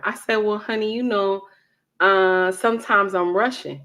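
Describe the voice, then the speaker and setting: A woman's voice: mid-range voice, fairly even intonation, measured pace, a bit bright. A woman on a live stream telling a story, hesitating with many fillers. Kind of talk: storytelling chat.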